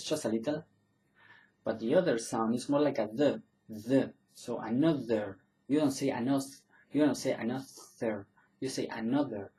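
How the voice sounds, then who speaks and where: A man's voice: medium pitch, darkish tone, rough recording. A man giving a casual online pronunciation lesson. He says each example word several times for practice, and he often stops to correct himself and apologize. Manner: loose and self-correcting, often apologizing and restarting; repeats example words slowly for practice. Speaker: pronunciation teacher.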